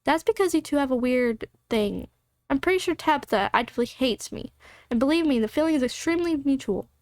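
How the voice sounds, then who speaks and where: A woman's voice: high-pitched, expressive, brisk, a little mellow, dry recording, studio quality. A woman reading the lines of a nervous young woman in a game, in a jittery, worried way. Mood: wary.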